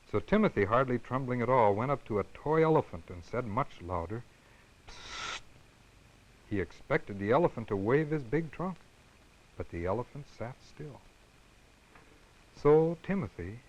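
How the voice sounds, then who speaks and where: Man gently reading a children's storybook aloud. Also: mid-range voice, low-quality recording. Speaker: children's television host.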